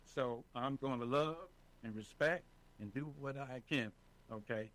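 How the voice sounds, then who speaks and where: A man being interviewed as a residents' advocate, talking in an animated, emphatic way and often checking in with the listener. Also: mid-range voice, measured pace, poor audio. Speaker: senior residents' advocate, guest. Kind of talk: casual interview talk.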